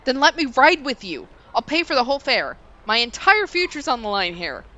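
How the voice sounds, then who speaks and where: A woman reading a game aloud and voicing a desperate man who earnestly pleads, with a bright, lively voice. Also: extremely high pitch, moderate pace, pitched above the performer's own voice, exaggerated voice. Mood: pleading.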